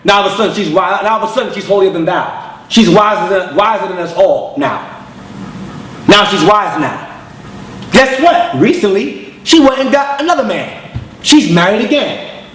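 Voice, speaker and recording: A man's voice: high-pitched, animated, normal speed, fairly bright tone, echoey room, poor audio. A man, an elder of his congregation, preaching bluntly in street slang and telling stories with acted-out voices. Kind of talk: preaching lecture with storytelling.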